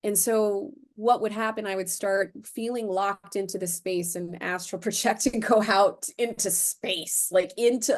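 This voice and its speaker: A woman of about forty from Florida, speaking as a podcast guest. She tells her stories with lively energy and acts out the conversations she quotes. Her talk is full of "like" fillers and quick asides. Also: medium pitch. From Florida, USA. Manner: animated, acts out quoted dialogue, frequent "like" fillers. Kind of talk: casual interview storytelling.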